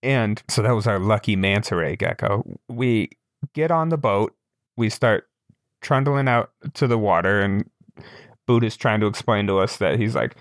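A young man telling a story in casual chat, animated and laughing, lifting his voice to quote people. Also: on the low side, moderate pace, dry recording, studio quality. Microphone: remote call with broken camera.

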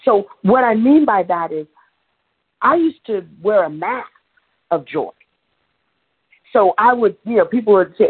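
A woman preaching a sermon in a conversational, animated way, laughing now and then. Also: mid-range voice, unhurried, long pauses, husky. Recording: tinny phone-like sound.

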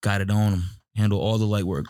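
A man's voice: lowish voice, steady tone, fast talker, darkish tone, clear, resonant tone, no room sound, studio quality. A man co-hosting a casual podcast, laid-back, steering the talk with questions. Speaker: podcast co-host. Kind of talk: casual banter.

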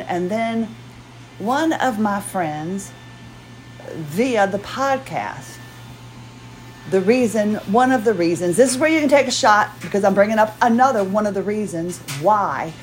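A tired woman talks casually into her podcast from home, jumping between errands and thoughts in a rambling, self-deprecating way. Her voice sits at an everyday middle pitch, with faint household noise in the background. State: tired, moving carefully while pregnant. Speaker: podcast host. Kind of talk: casual personal monologue.

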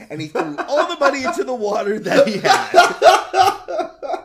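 A young man with a high, very lively voice reads an old fairy tale to a friend on a casual podcast. He swoops up into exaggerated, shouted voices for angry peasants and croaking frogs, then drops back into chatty asides. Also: unhurried. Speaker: podcast host reading fairy tales. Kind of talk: casual comedic podcast chat with dramatic story reading.

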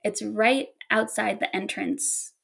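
Slow, gravelly woman chatting casually. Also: medium pitch, steady tone, fairly bright tone. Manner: laughs often while telling stories. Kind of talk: casual chat.

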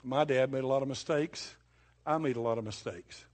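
A man's voice: mid-range voice, moderate pace, darkish tone. An older man preaching a sermon in a folksy, conversational way, telling stories with sudden bursts of emphasis.

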